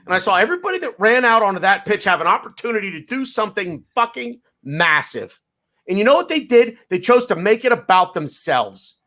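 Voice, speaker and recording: A man's voice: sits high, big pitch swings, fairly quick, pushed and bright. An American man hosting a podcast, worked up and swearing, repeating phrases and talking over the others. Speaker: podcast host. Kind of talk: heated podcast rant.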